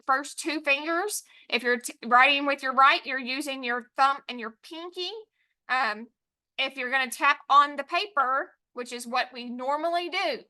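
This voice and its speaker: A woman teaching an online spelling lesson, dictating words and syllables in a slow, drawn-out way over a computer mic. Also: sits high, sharp tone.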